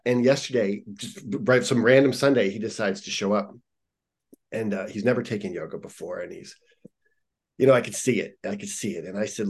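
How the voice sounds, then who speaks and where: A man's voice: lowish voice, fairly even intonation, brisk, darkish tone. A man who teaches yoga, talking in a casual podcast conversation with an earnest, encouraging coaching tone, repeating phrases for emphasis.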